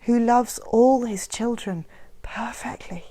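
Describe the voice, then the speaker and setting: A woman reading aloud plays a gentle, wise woman who speaks softly and slowly, sometimes dropping to a whisper. Her voice is quiet and a little high. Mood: tender. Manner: soft, quiet, often whispered. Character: gentle, wise, calm woman, patient teacher. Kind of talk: live reading of a novel.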